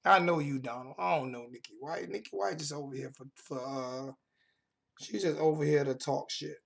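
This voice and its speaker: Gravelly high-voiced man ranting. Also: moderate pace. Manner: confrontational, trash-talking chat members; repeats phrases for emphasis. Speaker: livestream host. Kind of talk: heated livestream rant. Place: home.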